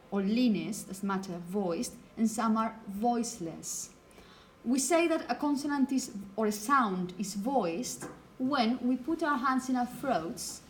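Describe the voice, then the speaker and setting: A woman's voice: fairly high pitch, slight background noise. A woman from Spain with a Spanish accent and Spanish as her first language, giving a phonetics lecture in a classroom and often checking in with "okay?". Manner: explanatory, frequent checking "okay?". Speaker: teacher.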